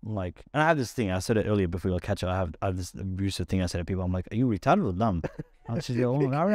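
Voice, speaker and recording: A fast-talking Australian podcast host with a mid-range voice tells an animated story, performing quotes and laughing often in a casual chat. The audio is dry and of studio quality.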